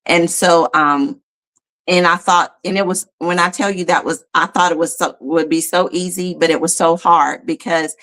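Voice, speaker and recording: A woman hosting a podcast, chatting casually and telling a personal story with animated, rising quotes. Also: normal speed. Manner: animated, storytelling, rises high when quoting herself. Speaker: podcast host.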